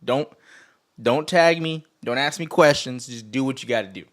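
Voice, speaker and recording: A man hosts a loose live stream from home, talking in an average-pitched voice. He rambles, jokes and brags, teasing his chat as he goes. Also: normal speed. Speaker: livestream host. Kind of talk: casual live market chat.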